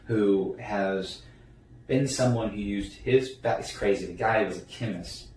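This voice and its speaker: A young man speaks as an interview guest in a low voice, wandering through his points with plenty of fillers and restarts. He sits a little away from the mic in an echoey room with a faint hiss behind him. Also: measured pace, darkish tone, recorded from a distance. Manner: rambling, many fillers and restarts. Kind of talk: casual conversation.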